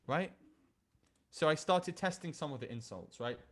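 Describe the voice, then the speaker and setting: A man's voice: a little high, animated, normal speed, fairly bright tone. A young man, a dating coach, reading out dating app messages in a casual, rambling way with many restarts. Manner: reads dating app chats aloud, laughs, many restarts.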